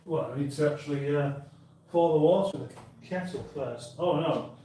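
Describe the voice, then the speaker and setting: With a fairly high voice at a moderate pace, a British livestream host from northern England cooks in his home kitchen. He chats in a meandering, casual way and reads viewer comments out loud, while the kitchen echoes with faint noise behind him.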